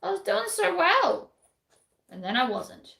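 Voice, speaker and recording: With an Australian accent, a sewing livestream host answers viewer comments bluntly as she chats casually and sews. Her very high voice swings widely in pitch, runs a little slow, and sounds creaky, pushed, and bright in an echoey room.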